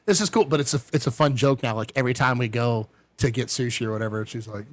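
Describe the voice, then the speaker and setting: Animated storytelling man, dry sound. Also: quick pace, dry recording. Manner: animated, acts out quoted voices with big pitch jumps. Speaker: podcast guest. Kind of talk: casual storytelling.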